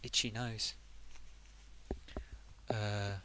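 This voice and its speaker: A man's voice: lowish voice, unhurried, pushed and bright. A man chatting on a live stream who is a bit under the weather, rambling and muttering to himself as he gets sidetracked. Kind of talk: casual live stream chat.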